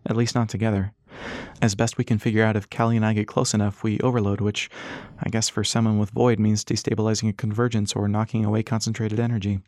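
A man voicing Ras, an earnest, battered young man in an audiobook, explaining calmly. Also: fairly low pitch, fast, no room sound, clean studio sound, lightly acted.

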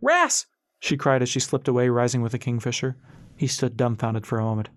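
A man narrating an adventure story in a steady, expressive audiobook style. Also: mid-range voice, fast, no echo, studio quality.

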